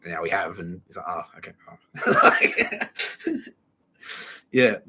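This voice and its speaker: Brief: young male comedy podcaster, swears freely, laughs often, slips into quoted voices; low-ish, husky delivery. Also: slow pace, bright, forceful tone. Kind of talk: rambling comic monologue.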